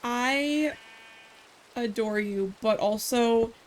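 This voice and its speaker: A woman streamer chatting casually while she plays a game. Her voice sits a little high, and her talk rambles, with sarcastic asides along the way. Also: drawn-out words, a little hiss or hum. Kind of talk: casual gameplay chat.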